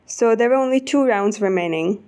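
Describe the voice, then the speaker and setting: A woman with an Indian accent telling a casual storytime, animated and swearing often. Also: medium pitch, normal speed, smooth. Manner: animated, swears often, rising to indignant outbursts. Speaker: vlogger.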